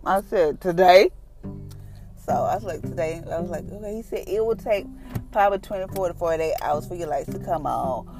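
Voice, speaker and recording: A woman talks through a personal testimony, speaking plainly and conversationally as she retells what people said to her. She moves into an earnest prayer. Faint music plays softly behind her. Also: fairly low pitch, normal speed. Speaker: mother sharing a testimony.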